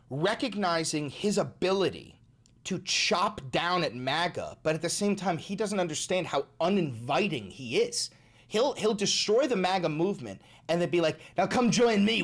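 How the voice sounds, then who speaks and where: A man's voice: on the high side, very animated, normal speed. A man livestreaming, chatting casually with his chat and swearing often, with emphatic repeats. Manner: profane, emphatic, repeats himself.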